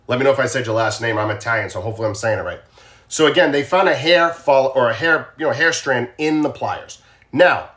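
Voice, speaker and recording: A man with a Boston accent hosts a casual true crime livestream from his phone. His voice sits slightly high for a man. He chats directly with his viewers and repeats his questions to them. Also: fairly quick, a bit bright.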